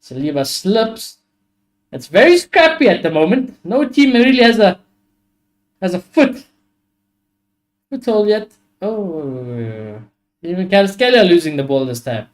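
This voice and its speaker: A young man hosting a live football watchalong, reacting excitably to the play and swearing freely. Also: high voice, a little slow, pauses often. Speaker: watchalong host.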